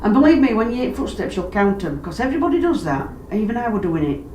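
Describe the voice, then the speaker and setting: A woman's voice: mid-range voice, fast talker. Woman telling a story, far from the mic. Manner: animated, acts out quoted voices, dialect grammar. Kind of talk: casual storytelling. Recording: roomy, distant mic, background noise.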